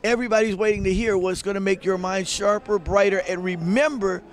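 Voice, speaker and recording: A man's voice: high-pitched, fairly quick. A man hosting a casual interview at an expo, upbeat and chatty as he promotes the event. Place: busy expo floor.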